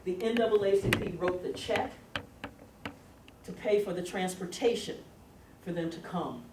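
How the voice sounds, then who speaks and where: Animated woman lecturer, distant and echoey. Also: on the low side, normal speed, noisy background. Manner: animated storytelling, laughs often. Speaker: history lecturer. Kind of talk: university lecture. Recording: roomy, distant lecture recording.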